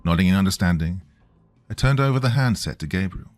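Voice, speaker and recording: A man reading a scripted horror story in a slow, grave storytelling way. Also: low-pitched, lively intonation.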